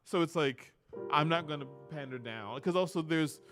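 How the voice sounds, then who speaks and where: A man in casual conversation about writing music, animated, sometimes breaking into snatches of song. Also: a little high, normal speed. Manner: animated, breaks into sung snippets. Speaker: guest musician.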